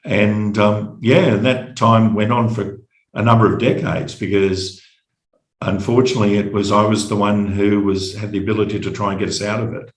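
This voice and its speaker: A middle-aged Australian man telling his personal story as a podcast guest, halting and reflective, often repeating words. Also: on the low side, fairly even intonation, roomy sound, poor audio.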